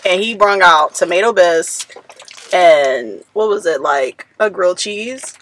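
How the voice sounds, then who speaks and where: A woman's voice: fairly low pitch, animated, unhurried, a bit bright, rough recording. A woman who travels with her trucker partner, chatting casually in a rambling, talkative way. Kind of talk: casual chat.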